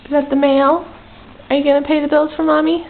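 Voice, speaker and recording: A mother coaxes her toddler in sing-song baby talk while filming her indoors at home, speaking briskly in a high-pitched, level tone. Her camera's built-in mic yields tinny lo-fi home camcorder sound with a faint hiss.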